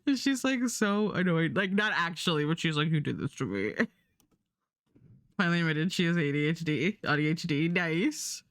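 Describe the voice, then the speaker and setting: A woman's voice: fairly low pitch, normal speed, fairly bright tone, dry recording, clean studio sound. A young adult woman streaming, chatting casually and rambling while she draws, swearing now and then.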